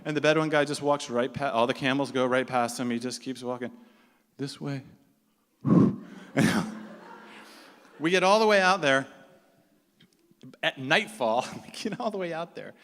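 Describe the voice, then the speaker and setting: A man telling a personal story on stage, lively and animated, slipping into the voices of the people he describes. His voice is mid-pitched, and a long hall reverb trails behind every phrase. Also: a little fast. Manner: animated, acts out the people he quotes.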